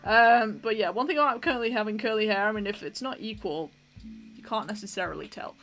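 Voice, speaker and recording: A woman's voice: mid-range voice, fairly quick, fairly bright tone, soft background music. A young woman hosting a vlog, chatting in an opinionated way and laughing often while she does her makeup. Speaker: vlog host. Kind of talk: casual chat while doing makeup.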